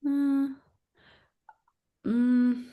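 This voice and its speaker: A woman actress talking casually in an interview, animated and rambling, with many fillers and restarts. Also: on the high side, drawn-out words, narrow, tinny audio.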